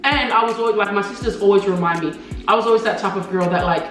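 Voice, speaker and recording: A woman's voice: quick pace, far from the mic. A young woman from Australia co-hosting a mukbang, telling a childhood story in casual chat and acting out quoted voices with laughter. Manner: animated, acts out quoted voices in high pitch, laughs often. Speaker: mukbang co-host. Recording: echoey room, off-mic, faint music.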